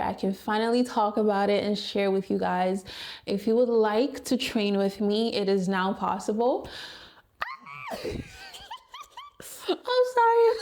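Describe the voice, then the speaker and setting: A woman's voice: medium pitch, gravelly, darkish tone. A young woman fitness vlogger giving a heartfelt, encouraging talk to her viewers, repeating phrases for emphasis. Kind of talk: heartfelt motivational talk to camera.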